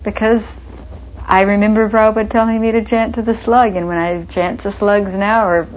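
A woman's voice: mid-range voice, level tone, normal speed, muffled recording. A woman telling stories of her spiritual teacher in a reminiscing interview, with a wistful, storytelling manner. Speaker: devotee recalling her teacher.

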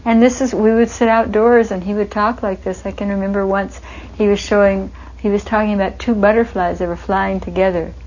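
A woman's voice: mid-range voice, steady tone, a little fast, a little mellow, highs cut off, slight background noise. A woman telling stories of her spiritual teacher in a reminiscing interview, with a wistful, storytelling manner. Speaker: devotee recalling her teacher.

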